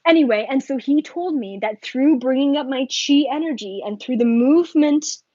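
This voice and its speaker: A woman talking casually to her viewers as a spiritual vlogger, rambling and excitable, full of filler likes and asides. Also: high-pitched, moderate pace, no room sound, highs cut off.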